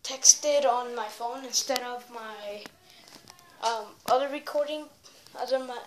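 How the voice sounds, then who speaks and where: A woman's voice: a little high, steady tone, measured pace. A teenage girl vlogging a prank on a handheld device, rambling and restarting her sentences. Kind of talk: casual prank vlog. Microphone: phone or tablet held in hand. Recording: echoey room with background noise.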